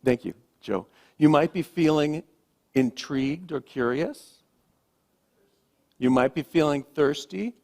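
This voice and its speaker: A man who is a minister, giving a sermon in a gentle, reflective way, letting phrases trail off softly. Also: on the high side, lively intonation, slow, creaky, pauses often.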